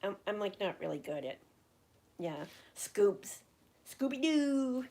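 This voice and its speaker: With a deep voice, moderate pace, and vocal fry, a middle-aged woman hosts an easygoing livestream and replies to viewer questions. She rambles, stumbling into fillers and restarts, while openly discussing her feelings.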